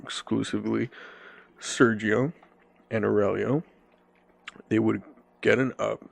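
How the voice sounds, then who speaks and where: Gravelly young man, jokey podcast chat. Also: lowish voice, fairly even intonation, slow pace. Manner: laughing, jokey, chiming in on a shared story. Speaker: podcast guest. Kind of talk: casual chat.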